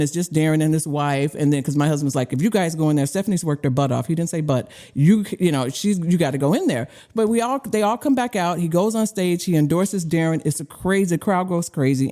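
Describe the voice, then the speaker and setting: A middle-aged woman from Illinois, a former candidate and radio host, telling stories in casual chat, laughing often and acting out quotes with big jumps in pitch. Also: warm tone. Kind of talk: animated storytelling in casual chat.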